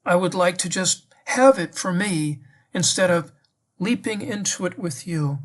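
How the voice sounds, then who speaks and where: Man, slightly higher voice, prayerful meditation, reflective, questioning, speaks to the Lord. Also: unhurried. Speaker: priest giving a meditation.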